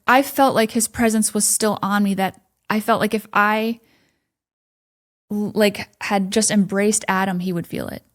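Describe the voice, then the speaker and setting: A woman recounting her experience at church, animated, full of "like" fillers, dropping to a whisper when quoting her own thoughts. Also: mid-range voice. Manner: frequent "like" fillers, laughs often. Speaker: podcast guest. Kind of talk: personal testimony in conversation.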